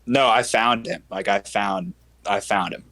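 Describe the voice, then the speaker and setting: A young man on a casual podcast, telling a story in a halting way with many restarts. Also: on the low side, crowd noise. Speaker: podcast co-host. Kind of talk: casual chat.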